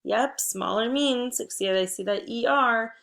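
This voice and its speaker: A woman teacher giving a spelling and phonics lesson to first graders, patient and encouraging, prompting with clear cues. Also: on the high side, measured pace, fairly bright tone. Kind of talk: phonics lesson for young children.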